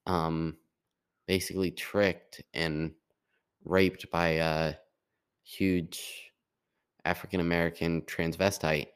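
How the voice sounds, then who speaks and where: A man's voice: sits low, little pitch movement, slow pace, pauses often, clean tone. A young man talking in a casual, rambling monologue, full of restarts and fillers. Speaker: podcast host.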